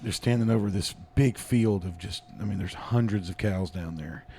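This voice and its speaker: Low-voiced man with dry delivery. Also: moderate pace, slight background noise. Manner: dry, builds jokes to loud punchlines. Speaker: podcast co-host. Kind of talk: casual comedy podcast banter.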